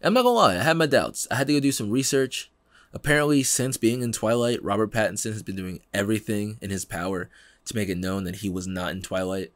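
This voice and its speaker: A young man hosting a podcast in casual chat, animated and laughing, acting out quotes in slangy talk. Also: on the low side, fast talker, no room sound. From Pennsylvania, United States. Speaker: podcast host.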